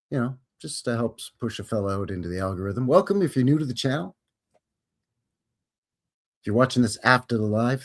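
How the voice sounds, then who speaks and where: A man from Canada hosting a casual live stream, chatting and greeting viewers by name in a folksy way. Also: mid-range voice.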